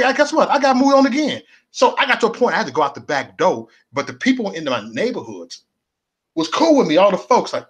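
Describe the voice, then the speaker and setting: A middle-aged man from Chicago with a husky mid-range voice shares his life story as a personal testimony. He's animated and repeats himself, acting out other people's voices.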